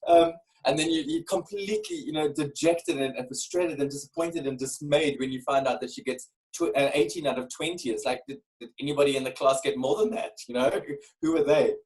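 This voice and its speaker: A man in his forties telling a candid personal story as a podcast guest, earnest and animated, often repeating words as he starts a phrase. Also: medium pitch, brisk, few pauses, poor audio. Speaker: guest, keynote speaker.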